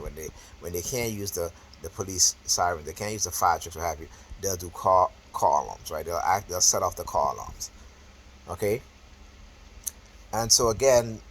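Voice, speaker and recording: Male vlogger, lowish husky voice, off-the-cuff talk to camera, emphatic, repeats himself, keeps tagging "right?" and "okay?". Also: a bit bright, rough recording. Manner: repetitive, emphatic, with frequent "right?" and "okay?" checks; restarts and self-corrections, talking off the cuff.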